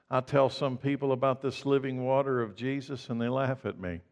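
A man preaching a sermon as pastor, emphatic and swinging from loud declarations to hushed lines. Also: medium pitch, steady tone, fairly quick, few pauses, big-room sound.

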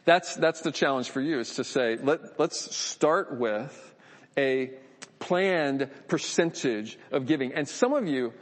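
A man's voice: mid-range voice, takes it slowly, long reverb tail. A man giving a conversational, earnest sermon, often repeating words as he thinks aloud. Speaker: pastor.

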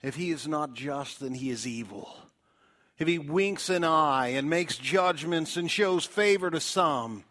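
A man preaching a sermon, calling his listeners friends and swinging between loud emphatic lines and soft, quiet drops. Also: on the high side, lively intonation, measured pace. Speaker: pastor.

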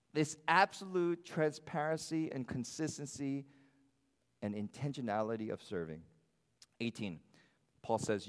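A man preaching a sermon as pastor, animated and shifting his loudness, often acting out the voices of others. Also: fairly high pitch, in a large hall. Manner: animated, varies loudness, acts out quoted voices. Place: church sanctuary.

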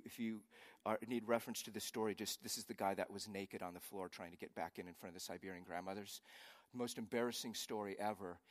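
Pastor guy preaching, chatty then loud and punchy, big echoey hall. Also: medium pitch. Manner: conversational preaching, swings from soft to emphatic. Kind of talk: sermon.

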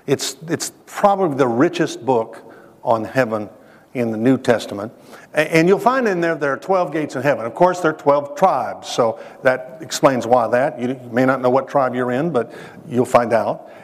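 A man's voice: medium pitch, moderate pace. Earnest man preaching in a reverberant hall. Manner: earnest, emphatic, direct address to listeners. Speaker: speaker. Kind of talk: sermon-style testimony.

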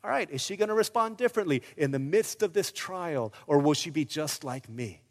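A male pastor preaching a sermon, swinging between loud urgent bursts and hushed, quiet stretches. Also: a little high, lively intonation, fairly quick, long reverb tail.

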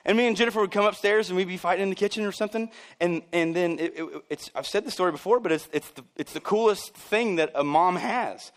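A man's voice: sits high, fast talker, few pauses. A man pastor preaching a sermon in a church, chatty and joking, acting out the voices of people he quotes.

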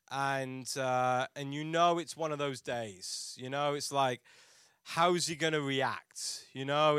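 A man's voice: on the high side, bright, forceful tone, clear, resonant tone, no echo, clean studio sound. A man preaching a sermon as a pastor, telling a personal story in a chatty, self-mocking way with frequent restarts.

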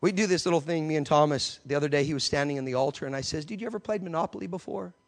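A man preaching a sermon, telling an animated story and acting out the voices in it. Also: a little high, rapid-fire.

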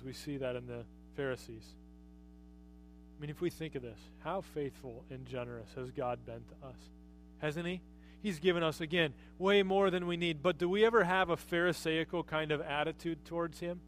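Man, pastor, sermon, high voice, conversational, rhetorical questions. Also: normal speed, bright, forceful tone, no echo.

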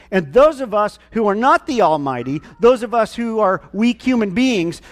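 A man's voice: sits high, long reverb tail. A male pastor with a central US twang, preaching earnestly and building to emphatic peaks. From central United States. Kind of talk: sermon. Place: church sanctuary.

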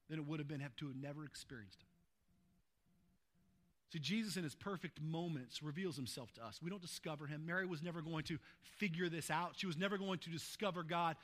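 Preaching in a fairly high pitch, a male pastor is emphatic throughout his sermon. He strings adjectives together and alternates between booming urgency and hushed tenderness.

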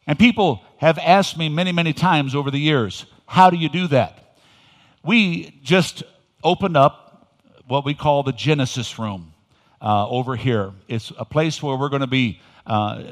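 Older male pastor, folksy sermon, loud emphatic bursts, long hall reverb. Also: on the high side. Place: church sanctuary.

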